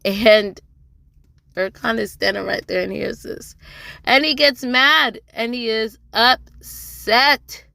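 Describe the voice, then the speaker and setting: Bright-voiced woman recapping a drama. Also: fairly high pitch, fairly even intonation, slow pace, vocal fry, no room sound. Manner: chatty, sassy asides to the characters. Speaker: TV drama reviewer. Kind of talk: casual episode recap.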